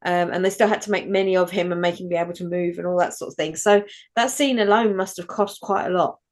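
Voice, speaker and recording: A woman's voice: on the low side, fairly even intonation, fast talker. A woman co-hosting a casual film review podcast, wry and chatty, hedging her points. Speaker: podcast co-host.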